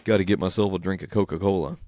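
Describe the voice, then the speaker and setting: A man's voice: deep voice, fairly even intonation, fast, warm tone. A man hosting a solo podcast recap in a casual, rambling way, tired and yawning, swearing freely. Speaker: podcast host.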